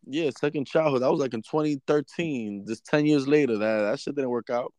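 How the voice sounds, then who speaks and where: A man co-hosting an uncensored podcast, telling stories in loud, profane banter. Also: medium pitch, fairly quick. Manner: animated, profane storytelling. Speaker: podcast co-host.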